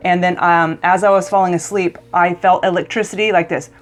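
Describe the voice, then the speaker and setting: A woman's voice: on the low side, steady tone, brisk, a little hiss or hum. Emotional, chatty woman telling a story. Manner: chatty, emotional, stumbles and restarts often. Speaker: vlogger. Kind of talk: casual storytelling to camera.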